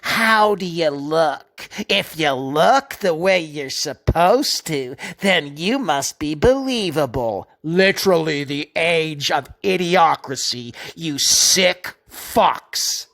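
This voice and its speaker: A man rants in an angry, contemptuous commentary that is heavy with swearing. He drags out his words slowly and with emphasis. He keeps hammering every point home. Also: fairly high pitch, lively intonation, a bit bright. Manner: profane, contemptuous, slow and emphatic. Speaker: video narrator.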